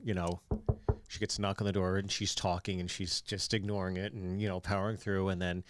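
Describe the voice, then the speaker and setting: A middle-aged man co-hosting a podcast, telling relaxed anecdotes about his kids and laughing at them. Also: low voice, a little fast, no echo. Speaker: podcast co-host. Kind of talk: casual chat.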